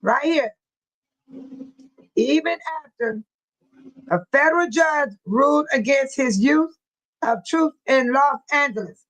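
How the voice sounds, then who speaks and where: A woman with a high voice hosts a relaxed livestream. She reads news articles aloud and breaks off to talk back to her viewers in the chat. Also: takes it slowly, pauses often, poor audio. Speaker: livestream host.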